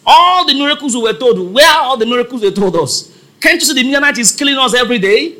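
Man playing Gideon, doubting farmer, high-pitched, agitated questions. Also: expressive, sharp tone, full character voice. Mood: indignant. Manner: agitated, rapid complaining questions.

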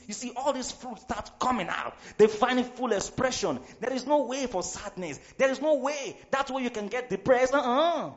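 A man from Nigeria preaching a sermon in a church, emphatic, sometimes shouting, often repeating his phrases. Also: very high voice. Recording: slightly dull recording with faint music behind.

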